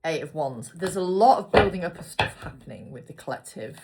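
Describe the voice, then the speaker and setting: Low-voiced chatty woman reading tarot. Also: expressive, fairly quick, gravelly, noisy background. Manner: chatty, rambling asides, talks to herself while picking cards. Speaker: tarot reader. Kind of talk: casual tarot reading to viewers.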